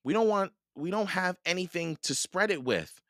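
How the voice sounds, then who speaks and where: A man reading aloud and voicing a cheerful, bold young girl in a high, excited voice. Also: moderate pace, dry recording, studio quality. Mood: flustered. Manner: bright, excited, high girlish voice.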